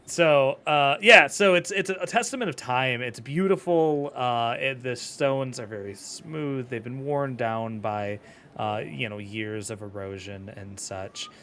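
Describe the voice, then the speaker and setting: A man's voice: medium pitch, a little slow, sharp tone, a little hiss or hum. A man playing a tabletop game, describing a scene hesitantly with many fillers. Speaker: player. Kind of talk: casual tabletop play.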